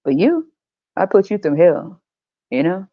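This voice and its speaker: A woman's voice: on the low side, big pitch swings, measured pace, dry recording, lo-fi sound, exaggerated voice. A woman voicing a brash, mocking male God who talks in blunt slang, in a comedic podcast skit. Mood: preachy mocking. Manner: swaggering slangy trash talk, teasing and blunt.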